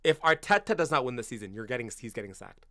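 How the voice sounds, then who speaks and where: A man's voice: medium pitch, expressive, fast talker, no room sound, clean studio sound. Slangy young man ranting on stream. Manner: slangy and blunt, calls everyone bro, swears freely; gets loud and incredulous in bursts. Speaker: football fan streamer. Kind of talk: casual livestream chat reacting to viewers.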